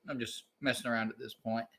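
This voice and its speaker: A man and banjo teacher talking casually during a live practice session, rambling loosely through his explanations. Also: medium pitch. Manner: relaxed rambling explanation with sung snippets. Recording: banjo music under the voice.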